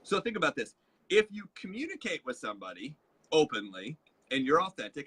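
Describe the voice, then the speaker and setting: A man talks through a casual live-stream lesson, his voice bright and forceful with a slightly husky edge. He tells stories and often slips into the voices of the people he quotes, animated and a little high. It sounds like an everyday teaching talk. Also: a little fast. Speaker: co-host, leadership trainer.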